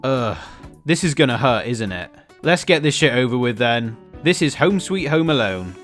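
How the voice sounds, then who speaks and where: A man's voice: mid-range voice, big pitch swings, moderate pace, fairly bright tone, soft background music. Sarcastic man reviewing a film. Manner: sarcastic, exasperated, profane. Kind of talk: comedic film review commentary.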